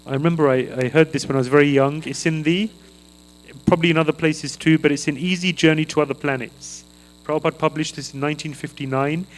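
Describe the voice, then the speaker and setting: A man giving a devotional sermon at a temple feast, slow and earnest, chanting a mantra aloud as he teaches. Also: fairly high pitch, steady tone, rough recording. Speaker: guest speaker at a temple feast. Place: temple hall.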